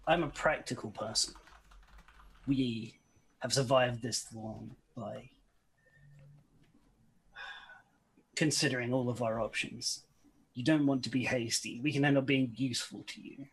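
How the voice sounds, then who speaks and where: A man voicing a practical, power-hungry male adventurer, speaking in a measured, persuasive way. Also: medium pitch, fairly even intonation, slightly rough, poor audio.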